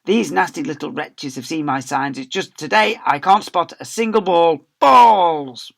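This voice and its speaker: A man voicing a booming, grumpy male schoolteacher in a storybook reading aloud. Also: animated, measured pace, vocal fry, full character voice. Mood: thundering angry. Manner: booming, shouting. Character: bellowing grumpy male schoolteacher, ball-obsessed.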